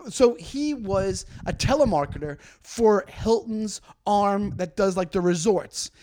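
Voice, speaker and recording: Brief: podcast co-host, a man with a high voice, animated comic storyteller who acts out the lines. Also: measured pace.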